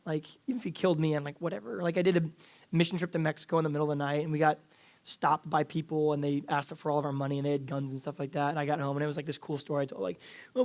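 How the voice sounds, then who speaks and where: A man in his thirties gives a youth sermon in a slightly high voice. He talks in a casual, earnest way, full of "like" and false starts. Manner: casual, earnest, many fillers and restarts. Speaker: youth pastor. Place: church youth service.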